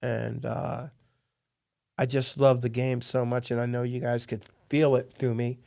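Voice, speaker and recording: A man hosting a podcast, telling poker-dealing stories in an excitable, animated way. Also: mid-range voice, a little slow, creaky. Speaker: podcast host and poker dealer. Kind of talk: casual storytelling interview.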